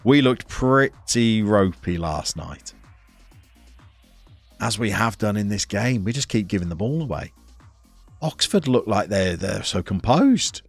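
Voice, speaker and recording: A man from the English Midlands with a soft Birmingham accent, chatting casually and wryly to his chat while playing a football management game. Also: fairly low pitch, expressive, a little slow, creaky, breathy edge, faint music behind. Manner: wry, self-mocking chatter to chat. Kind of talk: casual live-stream commentary.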